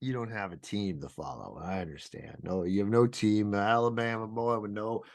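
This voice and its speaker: A man's voice: lowish voice, moderate pace, no echo. Teasing man with a dry close sound. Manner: teasing, animated, swears casually. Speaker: podcast co-host. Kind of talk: casual chat.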